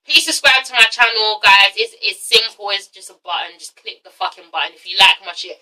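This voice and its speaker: A woman's voice: medium pitch, fairly quick, few pauses, bright, forceful tone, recorded from a distance, poor audio. A young woman reviewing a reality TV show in a casual vlog, ranting bluntly and swearing a lot.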